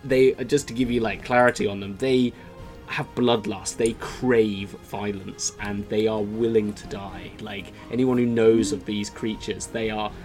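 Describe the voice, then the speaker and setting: A man's voice: lowish voice, fairly even intonation, moderate pace, darkish tone, faint music behind. A man, the host and dungeon master of a tabletop game show, talking in a rambling way full of "like" and "sort of". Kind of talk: casual game narration and outro chat.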